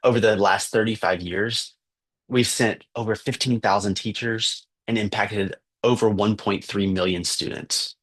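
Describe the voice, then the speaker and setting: Low husky-voiced man telling a story. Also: fairly even intonation, unhurried, fairly bright tone. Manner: earnest, with fillers and restarts. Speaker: missionary teacher. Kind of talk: spoken fundraising story.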